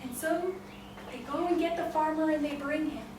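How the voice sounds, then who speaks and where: A woman telling a folk tale in an expressive, unhurried way, recorded from far off in an echoey room. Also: high voice, background noise. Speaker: storyteller. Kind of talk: storytelling.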